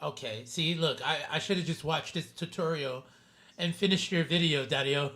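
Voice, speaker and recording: A man with a notably high-pitched voice gives relaxed live-stream commentary while he plays. He talks loosely to his chat, greets viewers by name and drops casual swears. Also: moderate pace. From New York City. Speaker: game streamer.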